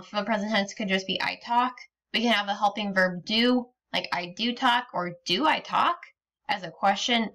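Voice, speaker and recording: A woman's voice: mid-range voice, bright, forceful tone. A woman teaching a recorded lesson, explaining patiently step by step with frequent ums. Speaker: Spanish teacher.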